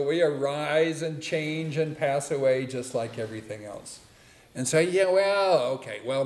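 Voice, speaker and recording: A man teaching a dharma talk in a relaxed, conversational way, with playful asides. His voice sits at an ordinary pitch, and the sound carries a roomy echo.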